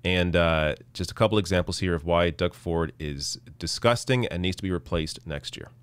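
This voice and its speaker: A man hosting a live news commentary stream, reading news quotes and reacting with indignant sarcasm, his voice going hoarse. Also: low voice, normal speed. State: losing his voice. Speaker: political commentary host.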